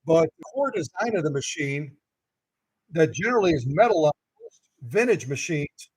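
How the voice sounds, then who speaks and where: A middle-aged man with a gravelly voice, hosting a casual sewing machine demonstration and playfully quizzing his viewers. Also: on the high side, very animated, moderate pace, no room sound, rough recording. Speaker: sewing machine restorer and channel host.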